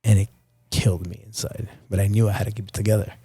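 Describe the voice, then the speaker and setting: A man's voice: on the low side, little pitch movement, fast talker, mellow, breathy edge, no room sound. A young man from Nicaragua, a podcast guest telling a personal story in a candid, profane, casual way. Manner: candid and profane, addresses host as dude and bro.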